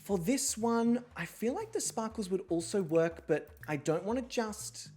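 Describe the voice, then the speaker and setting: A woman hosting a livestream, chatting casually, swearing freely and poking fun at herself, with sudden loud excited outbursts. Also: mid-range voice, measured pace, soft background music. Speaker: streamer hosting an online reality show.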